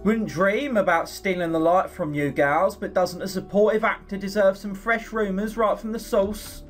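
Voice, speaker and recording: A man's voice: high voice, normal speed, soft background music, voice pushed up, natural voice. A man voicing a sly, chummy male rogue with a Cockney accent, drawling and wheedling.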